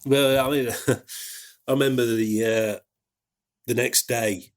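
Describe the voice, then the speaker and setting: A man with an English accent, an ambulance worker telling a personal story in a halting way, with many restarts. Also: mid-range voice, fairly even intonation. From England. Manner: halting, full of fillers and restarts.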